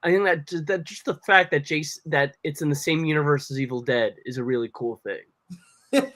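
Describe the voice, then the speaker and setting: A man co-hosting a casual horror chat, enthusiastic and quick to laugh. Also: fairly high pitch, a bit bright. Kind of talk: casual live-stream chat.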